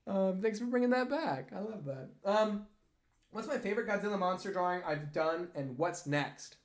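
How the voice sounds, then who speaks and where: A young adult artist streamer chats casually on a livestream in a medium-pitched, animated voice at a moderate pace. They answer viewer questions with rambling, jokey asides.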